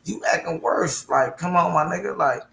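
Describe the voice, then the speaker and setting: A man's voice: a little high, normal speed, creaky, a bit bright, reverberant. Confrontational man in street slang. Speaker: panel participant. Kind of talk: heated online panel argument.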